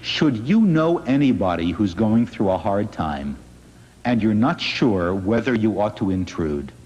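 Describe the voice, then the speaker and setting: A man, a rabbi, giving an inspirational public talk in an earnest, gently wry storytelling manner. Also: lowish voice, big pitch swings, unhurried, breathy edge. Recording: dull lo-fi recording in a reverberant hall.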